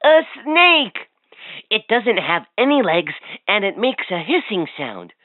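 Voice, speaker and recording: A woman's voice: medium pitch, sing-song, measured pace, no room sound. A woman voicing a cheerful, chatty talking toy that quizzes and teases a child in a playful sing-song. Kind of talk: toy voice lines. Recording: tinny, dry toy speaker audio.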